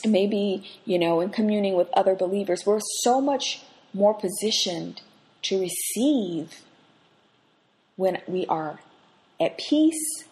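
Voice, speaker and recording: Slow and mid-pitched, this woman teaches devotional lessons on her faith podcast, drawing on personal stories. The Bible teacher's delivery is expressive, dropping into quiet reflection and then picking up for lively anecdotes.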